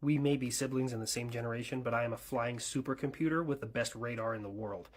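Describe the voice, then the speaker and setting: A woman voicing a smug personified stealth fighter jet in a comedy skit, bragging in a deadpan way. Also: extremely low pitch, fast talker, breathy edge.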